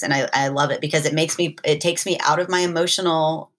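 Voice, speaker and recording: A woman's voice: sits low, steady tone, fairly quick, hardly any pauses, a bit bright. A woman in casual conversation, speaking earnestly and reflectively as a guest, often quoting herself and a friend.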